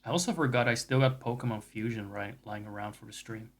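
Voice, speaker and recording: Quick-paced and lowish in pitch, a male game streamer keeps up casual chatter as he plays. He rambles and curses freely, throwing in self-deprecating remarks.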